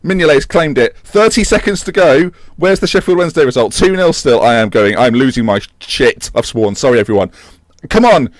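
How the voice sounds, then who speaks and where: An excitable young man talks over his football management game, his voice swinging widely from high to low. He cheers and laughs at what happens on screen. The sound is close and dry. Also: brisk, hardly any pauses, dry recording. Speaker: gaming YouTuber and streamer. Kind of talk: live game commentary.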